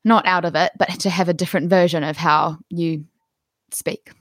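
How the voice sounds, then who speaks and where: A woman hosts a casual interview with eager questions and frequent laughter. Her voice sits on the low side. The sound is dry and close, with no room echo. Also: fairly even intonation, moderate pace. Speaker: podcast host.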